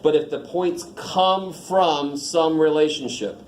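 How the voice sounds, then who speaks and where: A man's voice: on the high side, steady tone, slow, a little hiss or hum. Casual, joking male math teacher. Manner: joking, informal, asks the class questions. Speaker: math instructor. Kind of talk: casual classroom lecture. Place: classroom. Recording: echoey classroom, faint ambience.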